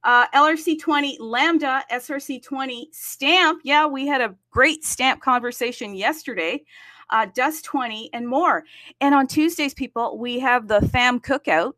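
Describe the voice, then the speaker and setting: A woman's voice: high-pitched, sharp tone. A woman hosting a casual livestream, chatty and upbeat, greeting viewers city by city and talking to the audience with frequent fillers. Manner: frequent fillers, self-aware about talking fast. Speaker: livestream host. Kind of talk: casual crypto livestream chat.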